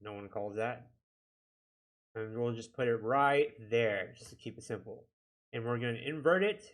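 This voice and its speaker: A man giving a casual software tutorial, talking himself through each click with a chatty, self-deprecating manner. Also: mid-range voice, normal speed. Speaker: video editing instructor.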